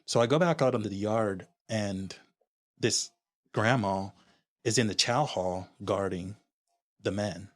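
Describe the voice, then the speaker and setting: A man's voice: on the low side, a little slow, pauses often. A man from Honduras, a guest on a podcast, candidly and reflectively recounting his own story, often restarting his sentences. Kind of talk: personal storytelling in an interview.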